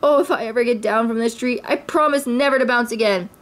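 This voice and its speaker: A woman's voice: a little high, fast talker, voice pushed up, natural voice. A woman voicing a boastful, bouncy male tiger while reading a storybook aloud. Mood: moaning. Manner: exclamatory, pleading.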